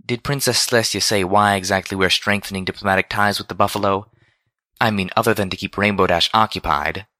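A man's voice: fairly low pitch, fairly even intonation, brisk, bright, forceful tone, no room sound. A man voicing a refined, dramatic female pony designer with a genteel, affected manner. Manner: genteel, affected, says darling.

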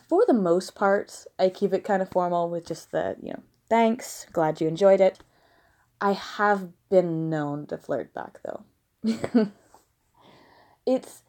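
A woman's voice: mid-range voice, mellow. Blunt, giggly woman from the American South. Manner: frank, blunt, giggly asides. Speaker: audio creator answering listener questions. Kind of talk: casual question-and-answer monologue. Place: at home with a dog nearby.

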